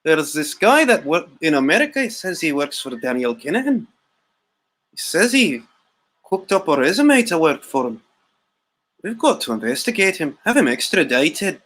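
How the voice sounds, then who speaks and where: A man's voice: fairly high pitch, very animated, moderate pace, a bit bright. A man putting on a mock-serious Irish investigator.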